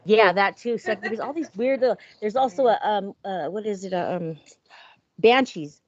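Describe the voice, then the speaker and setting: A woman hosting a casual podcast chat, telling creepy stories in an animated way and acting out the voices in them. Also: medium pitch, moderate pace. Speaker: podcast host. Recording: dull lo-fi sound.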